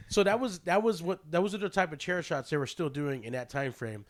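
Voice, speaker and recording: A man's voice: a little high, a little fast. A young man co-hosting a casual podcast, rambling through his points with many fillers and restarts, often laughing and swearing. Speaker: podcast co-host.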